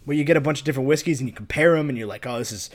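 A man's voice: a little high, rapid-fire. Laid-back guy on a podcast, kinda wry, says like a lot. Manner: relaxed, wry, lots of fillers like "like". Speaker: podcast co-host. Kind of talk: casual chat.

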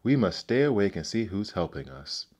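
A man's voice: lowish voice, sing-song, moderate pace, darkish tone. A man doing a weary old shoemaker. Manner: sighing, weary. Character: old worried male shoemaker, honest and gentle.

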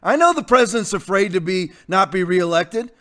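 In a high, animated voice with a slightly bright edge and normal pace, this male preacher launches into a defiant, blunt sermon rant, hammering his points home through repetition.

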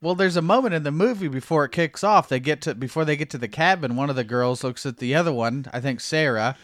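A man's voice: on the high side, fast, fairly bright tone, no echo, studio quality. A man co-hosting a horror film podcast, chatting casually in a laid-back, rambling way. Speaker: podcast co-host. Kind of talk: casual chat.

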